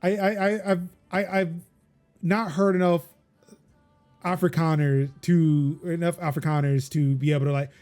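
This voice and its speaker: A man hosts a laid-back tech podcast, his voice sitting a bit high for a man. He rambles through his points with frequent ums and self-corrections. A soft bed of music runs quietly behind him. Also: fairly even intonation, normal speed. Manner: rambling, many fillers and restarts. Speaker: podcast host. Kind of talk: casual tech chat.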